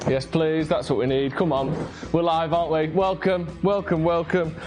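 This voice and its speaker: A man's voice: on the high side, normal speed, soft background music. Sarcastic Mancunian man hosting a late show. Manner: sarcastic, deadpan comic asides. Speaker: host. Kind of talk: jokey late-night show banter. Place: small home studio.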